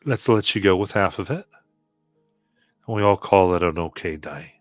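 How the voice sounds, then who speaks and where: A man's voice: low voice, normal speed, no echo, studio quality, faint music behind, lightly acted. A man voicing a weary male guard who grudgingly settles a deal in a tabletop game.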